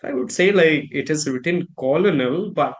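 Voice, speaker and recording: A host in a casual conversation about pronunciation, who repeats words aloud and thinks out loud with fillers. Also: mid-range voice, normal speed.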